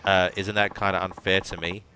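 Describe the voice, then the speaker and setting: A level-headed, wry game hero, slightly tipsy, as a man reads him out. Very deep voice with a sharp, forceful edge. Patient and reasonable in tone. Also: little pitch movement, a little fast, slight background noise.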